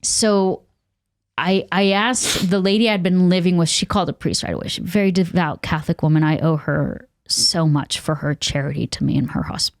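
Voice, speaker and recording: A woman's voice: fairly low pitch, big pitch swings, normal speed, no echo, clean studio sound. A young adult woman from Texas, a podcast guest, telling a candid personal testimony with many fillers and acted-out quotes. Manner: earnest, candid, many fillers, acts out what people said.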